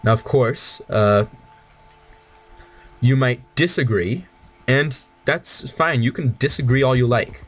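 A man's voice: medium pitch, takes it slowly, long pauses. A young man giving rambling, casual commentary while playing a game, with many fillers and restarts. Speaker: gaming video creator.

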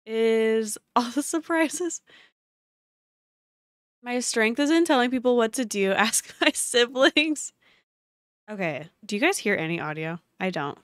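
Streamer lady chatting to her viewers mid-game, gasps a lot, kinda high voice, slow and unhurried. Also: no echo. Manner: excitable, gasping and exclaiming. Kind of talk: live game-stream chat.

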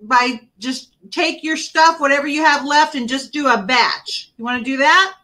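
A woman hosting a live-stream chat over a video call, chatty and animated as she tells stories. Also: sits high, normal speed, rough recording. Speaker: talk show host.

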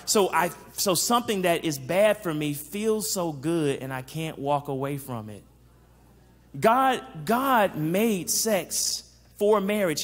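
Male psychologist, high-pitched, lively faith-based teaching talk with audience check-ins, long hall reverb. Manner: animated, checks in with the audience, acts out quotes.

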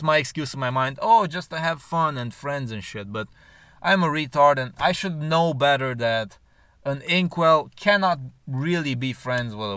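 A man's voice: mid-range voice, pushed and bright, smooth, no echo. A young man telling a story in a casual, rambling and crude way, mocking himself.

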